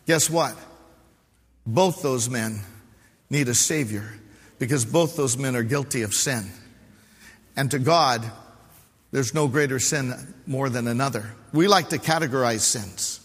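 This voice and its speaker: A man's voice: medium pitch, measured pace, pauses often, slightly rough. A man, a pastor, preaching a heartfelt sermon with calls to the congregation. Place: church hall. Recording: live sermon with long hall reverb.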